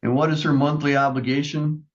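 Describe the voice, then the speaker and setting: A man's voice: fairly high pitch, flat delivery, fairly quick, dull audio. Stern, firm male judge. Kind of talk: courtroom hearing.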